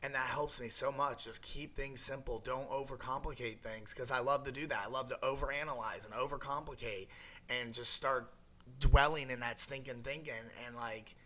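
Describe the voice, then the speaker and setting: A young adult man with a medium-pitched, slightly bright voice and fairly even intonation speaks at a normal speed as an interview guest telling his recovery story. His emotional testimony rambles, with many fillers and restarts.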